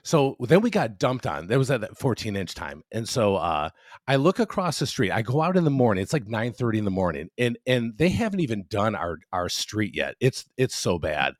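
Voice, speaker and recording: A man's voice: fairly low pitch, fairly quick, dry recording, studio quality. A man in his fifties on a casual podcast chat, telling a long story, swearing freely and acting out what people said. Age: 50s. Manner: profane, animated storyteller acting out quotes. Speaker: podcast co-host.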